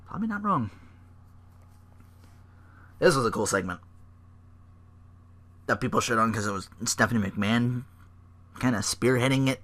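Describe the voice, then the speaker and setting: A man's voice: mid-range voice, moderate pace, long pauses, a bit bright. A man hosting a podcast alone, rambling through a casual recap, swearing freely and acting out the people he talks about. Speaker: podcast host.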